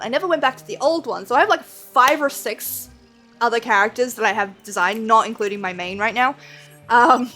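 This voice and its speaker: A woman's voice: a little high, fairly quick, bright, forceful tone. A woman streaming a game, chatting casually and rambling with frequent laughs, over faint background music. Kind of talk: casual chat while gaming.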